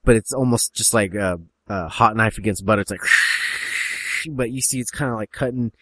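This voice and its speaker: A man casually brainstorming a story, talking in a rambling, animated, profane way. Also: lowish voice, quick pace, dry recording. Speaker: co-writer.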